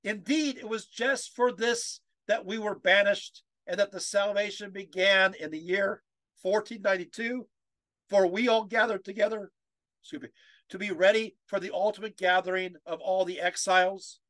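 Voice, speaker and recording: High-voiced man lecturing on a video call. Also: fairly even intonation, normal speed, fairly bright tone, no room sound. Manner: emotional, chokes up while reading quotes; many fillers and restarts, asks the audience rhetorical questions.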